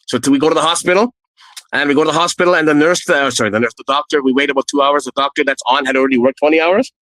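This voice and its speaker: A middle-aged man from Canada, a guest telling his own story in a blunt, lively way and acting out what others said. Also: racing, poor audio. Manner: re-enacts quoted people with raised pitch, blunt and profane. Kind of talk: animated personal storytelling.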